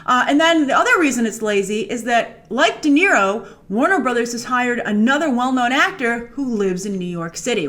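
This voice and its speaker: A woman host delivers critical movie commentary in a fairly high voice. Her pitch swings widely as she stresses her points with emphatic energy. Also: fairly bright tone. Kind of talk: opinionated movie news commentary.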